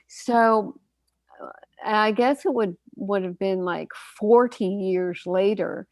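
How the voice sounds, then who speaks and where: Slow-paced and medium-pitched with a darkish tone, this older woman's voice comes through a dry recording. She is a Canadian doctor hosting a radio talk show, chatting casually and telling stories with frequent laughter.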